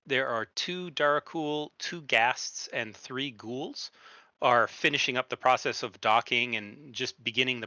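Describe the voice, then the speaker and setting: A man narrating a tabletop game as game master, pausing often with fillers and restarts. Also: medium pitch, bright, forceful tone, smooth, no echo. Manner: halting, many fillers and restarts.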